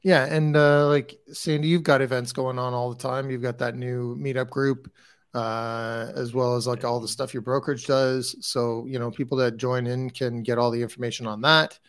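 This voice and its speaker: Male co-host, relaxed and talkative, dry close recording. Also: medium pitch, normal speed, clean tone, no echo. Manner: relaxed, chatty, restarts and fillers. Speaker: podcast co-host. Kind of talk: casual podcast chat.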